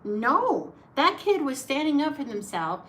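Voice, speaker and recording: A woman's voice: medium pitch, moderate pace. A woman who teaches acting, talking casually to camera in a chatty, emphatic way, often checking in with "right?".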